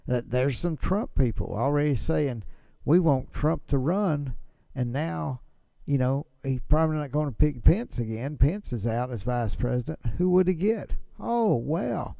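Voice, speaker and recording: Male host, gravelly and dark-toned, chatty political commentary, dry close sound. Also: medium pitch, lively intonation, normal speed, no room sound. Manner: chatty, rhetorical questions, chuckling. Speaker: podcast host.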